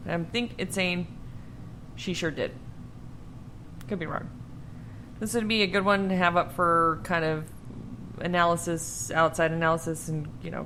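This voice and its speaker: A woman's voice: fairly low pitch, fairly bright tone, a little hiss or hum. A young adult woman co-hosting a casual podcast, rambling, swearing freely and laughing at herself. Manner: laughing, profane, self-deprecating rambling. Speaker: podcast co-host.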